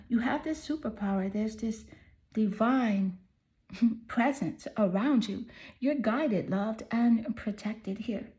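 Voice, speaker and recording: A woman with a slightly high, dark-toned voice gives her viewers a pick-a-card tarot reading. She talks in a soothing, affirming and chatty way, sprinkling in "you know" fillers.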